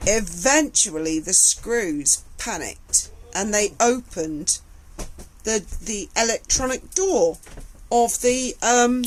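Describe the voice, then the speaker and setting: A middle-aged woman tells a personal story slowly, emotional and halting, often repeating her words. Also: mid-range voice, lively intonation, rough recording. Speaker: vlogger recounting her past.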